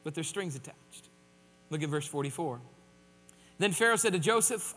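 A man's voice: fairly high pitch, animated, normal speed, long pauses, bright, forceful tone, long reverb tail. A man preaching a sermon in a conversational way, with joking asides. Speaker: pastor.

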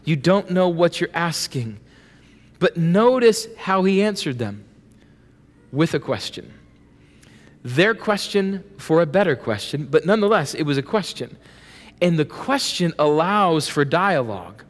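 A man preaching a sermon with playful asides, acting out voices and lively emphasis. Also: fairly high pitch, measured pace. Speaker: pastor. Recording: long reverb of a large hall.

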